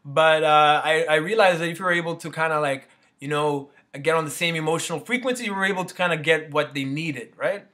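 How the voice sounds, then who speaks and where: A man's voice: a little high, steady tone, brisk, few pauses, bright, forceful tone. A man giving a casual motivational talk, rambling and peppering his sentences with "you know" and "right?". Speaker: motivational speaker.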